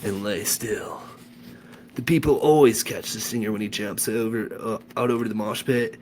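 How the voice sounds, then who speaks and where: A man reading a children's novel aloud with animated enthusiasm, then chatting about the chapter. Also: lowish voice, moderate pace, slight background noise. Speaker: audiobook reader.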